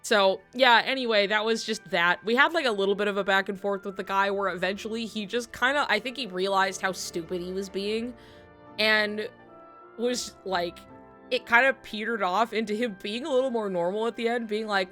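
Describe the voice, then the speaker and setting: A woman streamer chatting while she draws, her voice at an ordinary middle pitch. She rambles through a story with plenty of "like" and "um," breaking into laughter. Faint music plays behind her. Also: normal speed, pushed and bright. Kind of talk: casual storytelling to stream chat. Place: home streaming setup while drawing.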